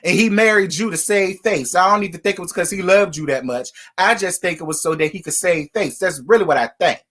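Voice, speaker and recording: A man's voice: high voice, a little fast, fairly bright tone. A man hosting a casual reality TV recap, talking bluntly and profanely in a scolding tone. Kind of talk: casual commentary rant.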